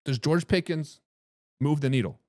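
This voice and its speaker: A man hosting a fan sports talk show, hyping his team, shouting catchphrases and answering viewer comments while drinking beer. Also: a little high, normal speed, no echo, studio quality. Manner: hype, repeats catchphrases, says "baby". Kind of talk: hyped live sports talk.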